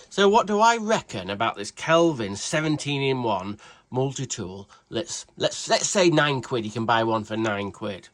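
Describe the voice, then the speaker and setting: A man's voice: mid-range voice, expressive, unhurried, a bit bright, a little hiss or hum. A British man hosting a casual tool review vlog, chatty and rambling, swearing freely. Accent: British English. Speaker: tool reviewer, channel host.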